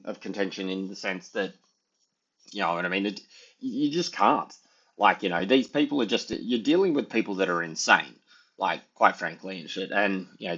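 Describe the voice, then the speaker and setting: This man's voice sits low and a little bright, with a slight roughness. He rambles casually over trading charts, leaning constantly on fillers like "sort of" and "you know." The recording has a dull, lo-fi quality.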